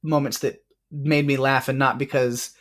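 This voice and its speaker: A man in a casual podcast chat about a film, rambling along with plenty of "like"s and laughing now and then. His pitch sits mid-range for a man, and he speaks into a podcast mic. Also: level tone, fairly bright tone. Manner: rambling, many "like"s, quick laughs. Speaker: podcast co-host. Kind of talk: casual movie review chat.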